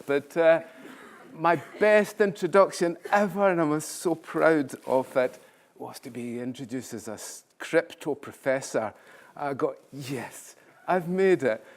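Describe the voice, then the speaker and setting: An older man, a professor giving a conference talk with self-deprecating humorous storytelling. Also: medium pitch. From Scotland. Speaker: keynote speaker, professor.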